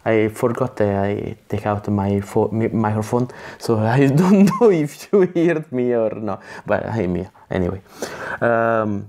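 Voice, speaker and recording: A man reading an English gamebook on a live stream, in a halting way with chatty asides and self-corrections. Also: lowish voice, lively intonation, mellow. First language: Italian.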